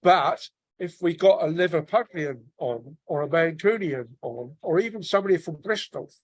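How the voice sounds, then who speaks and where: A man's voice: on the high side, animated, normal speed, no echo. A man with a working-class North London accent, chatting casually in a book club discussion, often restarting and searching for words. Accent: working-class North London English.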